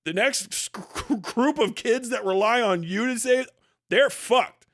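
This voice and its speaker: A man streamer ranting on a livestream, profane and sarcastic, with fast bursts and sudden drawn-out words. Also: very high voice, fairly bright tone, dry recording, clean studio sound. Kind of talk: livestream rant.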